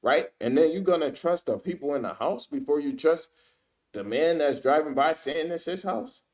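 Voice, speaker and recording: A man's voice: fairly high pitch, animated, normal speed, a little mellow. A man giving casual spoken commentary as a ministry speaker, who weaves in scripture quotes and keeps tagging his sentences with "man" and "right?".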